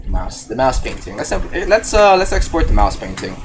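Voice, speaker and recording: A man's voice: mid-range voice, sing-song, normal speed, background noise. A man live-streaming a game development tutorial, talking casually and thinking aloud as he works.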